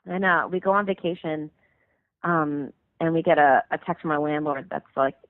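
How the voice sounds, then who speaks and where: A woman's voice: deep voice, normal speed, no room sound. A woman in her thirties, a musician guest, telling a long story casually over the phone, full of "like" and fillers. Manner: rambling, filler-heavy, lots of "like". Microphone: phone call. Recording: tinny phone line, dry.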